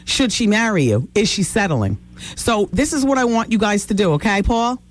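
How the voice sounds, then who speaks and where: A woman's voice: mid-range voice, animated, normal speed. A woman hosting a call-in radio advice show, talking to callers in a direct, blunt way. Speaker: radio talk show host.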